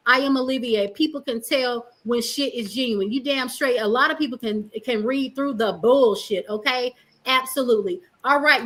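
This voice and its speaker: Brash, bright-voiced woman stream host. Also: fairly high pitch, rough recording. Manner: blunt, profane, sassy. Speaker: livestream host. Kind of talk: reading live comments aloud on a stream.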